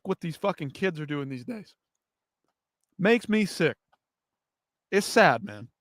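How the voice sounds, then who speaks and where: A man's voice: on the high side, expressive, a little slow, pauses often, fairly bright tone, no room sound, studio quality. A man hosting a live fight-news stream, ranting and swearing in heated commentary. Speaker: MMA news show host.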